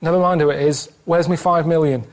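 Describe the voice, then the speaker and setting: A man playing a gruff male kidnapper in an improvised comic role-play, talking bluntly and impatiently in his everyday voice. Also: a little high, steady tone, a little fast, natural voice.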